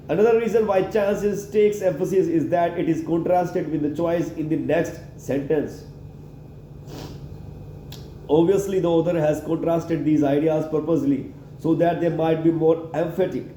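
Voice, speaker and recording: A man's voice: fairly high pitch, warm tone. A man reading a public speaking manual aloud, stopping to add his own comments, and often repeating or correcting words as he goes. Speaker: reader practicing public speaking. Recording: roomy echo with faint background hum.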